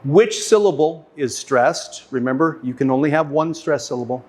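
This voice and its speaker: A man teaches an English pronunciation lesson in a somewhat high voice. He speaks slowly and carefully, saying each word several times so learners can practice along with him. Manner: slow, careful, repeats words for practice.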